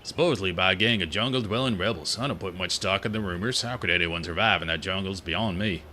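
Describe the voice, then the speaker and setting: A man's voice: sits low, fast talker, bright, forceful tone, slight background noise. A man reading as a gossipy fantasy trader. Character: chatty male trader in a fantasy camp.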